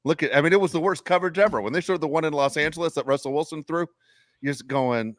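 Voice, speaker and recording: A man's voice: a little high, fast, no room sound, clean studio sound. A man co-hosting a sports podcast, giving wry, opinionated takes in casual chat. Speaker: podcast co-host.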